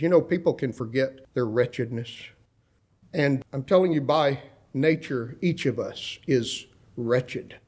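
A man preaching a sermon, talking straight to his congregation and swinging his voice up and down when he quotes scripture. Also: darkish tone. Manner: dramatic swings in pitch and volume when quoting scripture; conversational, asks the congregation direct questions. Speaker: pastor.

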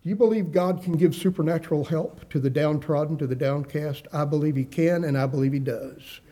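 Preaching man with a mellow voice. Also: a little high, a little fast. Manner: preaching with scripture readings, rising emphasis and dramatic quoted voices. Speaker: pastor. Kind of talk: sermon.

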